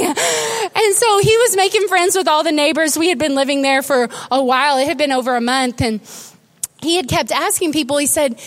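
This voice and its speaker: A woman pastor preaching a sermon, telling stories with animated, emotional delivery that turns tearful at times. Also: high voice, normal speed.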